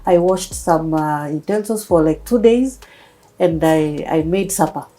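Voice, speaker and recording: A Kenyan woman in her thirties tells her own story as an interview guest. Her voice sits a little low and mellow, and she brings the people in her story to life as she tells it. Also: a little slow, low-quality recording. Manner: animated storytelling, acting out quoted voices. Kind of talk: personal testimony interview.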